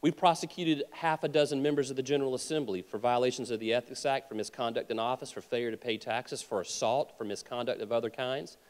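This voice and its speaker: A state attorney general, a man with a medium-pitched voice, gives an earnest, emphatic convention speech, talking fast with hardly any pauses and often restarting. He speaks into a podium mic, and the convention hall adds long reverb.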